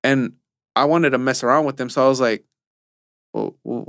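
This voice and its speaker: A man's voice: mid-range voice, normal speed, gravelly, long pauses, fairly bright tone, clean tone, no echo, studio quality. A young man co-hosting a casual podcast, telling work stories and mixing in Spanish phrases. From Mexico. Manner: storytelling, mixes in Spanish phrases. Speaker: podcast co-host. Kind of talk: casual chat.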